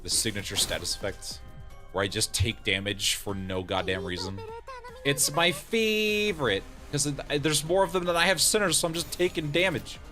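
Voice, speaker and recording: A man's voice: on the low side, fairly even intonation, fairly quick, bright, forceful tone, soft background music. A man streaming a game in casual let's-play commentary, joking, laughing often and reading game lines aloud.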